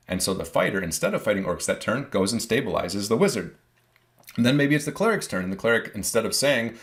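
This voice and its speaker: Man, lowish pitch, how-to talk, casual, acts out player quotes. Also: lively intonation, brisk. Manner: casual, with restarts. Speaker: tabletop game designer giving advice.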